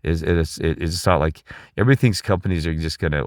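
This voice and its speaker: A man's voice: extremely low pitch, expressive, brisk, no room sound, studio quality. A middle-aged man talking in a rambling, emphatic monologue, asking listeners questions and restarting his sentences. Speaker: channel host.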